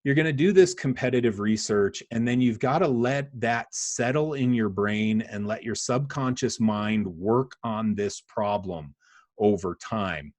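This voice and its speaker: A man's voice: on the low side, unhurried, a little mellow. A man from the United States co-hosting a casual business podcast, giving practical, encouraging advice and often chiming in with "yeah". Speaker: podcast host.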